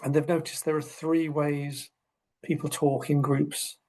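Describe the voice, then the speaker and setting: A middle-aged British man, a podcast guest, explaining ideas in lively conversation and acting out quoted speech. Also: on the high side, measured pace, poor audio. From United Kingdom. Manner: animated storyteller, acts out quoted speech. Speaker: guest, social care researcher.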